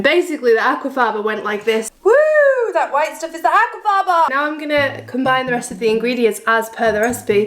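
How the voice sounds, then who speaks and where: A woman's voice: fairly high pitch, a little hiss or hum. A woman in her twenties chatting through a baking vlog in her home kitchen, rambling with self-mocking asides. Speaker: vlogger.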